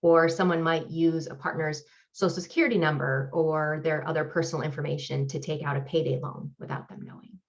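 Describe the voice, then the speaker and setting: A woman professor giving an academic lecture with slides, explaining in a measured, deliberate way. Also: low voice, fairly even intonation, muffled recording. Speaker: professor presenting research.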